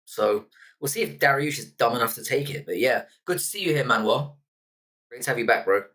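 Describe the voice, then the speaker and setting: A man's voice: medium pitch, expressive, brisk, pushed and bright. A man hosting a casual livestream, chatting bluntly and swearing as he answers viewers. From United Kingdom. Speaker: livestream host. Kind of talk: casual live chat reading comments. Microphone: desk microphone.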